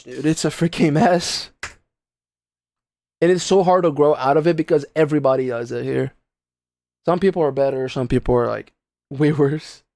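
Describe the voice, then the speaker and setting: A man's voice: a little high, vocal fry, a little mellow. Rambling young streamer guy. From Brazil. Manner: rambling slangy chatter, muttering at his own gameplay. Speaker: speedrun streamer. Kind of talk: casual livestream chat while playing.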